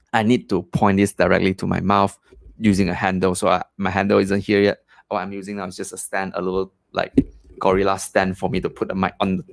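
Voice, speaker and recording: Man, low voice, gravelly, casual tech demo, chatty, desk USB mic at home. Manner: chatty, many fillers and repeated "right?". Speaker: tech reviewer. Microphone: desk USB condenser mic.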